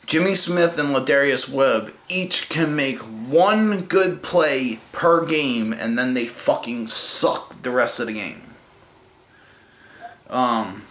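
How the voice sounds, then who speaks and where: A man rants about his football team in an angry vlog, heated, profane and mocking. His voice is medium-pitched, slightly bright and slow, recorded in an echoey room with faint noise.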